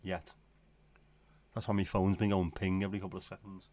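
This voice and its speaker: A man's voice: sits low, little pitch movement, a little fast, dark tone. A middle-aged British man hosting a casual late-night livestream, rambling wryly and chatting to his viewers from home. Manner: rambling, wry, talks to himself. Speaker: livestream host.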